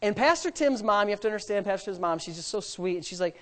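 A man's voice: high voice, quick pace. A middle-aged man, a pastor, telling a story in a sermon and acting out the voices. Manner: animated, acts out voices.

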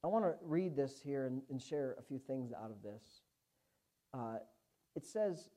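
A woman preaching a sermon, emphatic, swinging from hushed asides to loud, fervent exclamations. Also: rumbling low, expressive, unhurried.

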